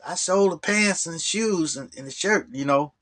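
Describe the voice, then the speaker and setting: A man voicing a groggy, sheepish down-and-out man who mumbles low and quiet while telling a story. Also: moderate pace, lightly acted. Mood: mumbling.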